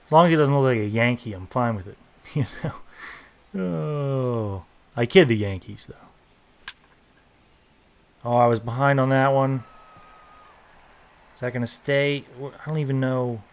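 A young man giving casual, joking commentary while playing a baseball video game, reacting loudly to big plays. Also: mid-range voice, moderate pace, long pauses. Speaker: gaming YouTuber.

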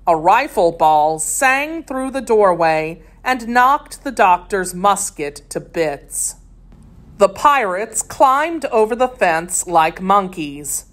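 Woman slowly reading a children's adventure. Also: medium pitch. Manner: steady, expressive storytelling. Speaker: narrator. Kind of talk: reading a children's story aloud.

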